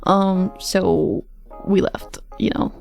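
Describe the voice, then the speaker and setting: A woman's voice: lowish voice, steady tone, takes it slowly, creaky, a little mellow, faint music behind. A woman streamer telling a long personal story in casual chat, chatty, quoting others and laughing often. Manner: chatty, tells stories with quoted asides, laughs often.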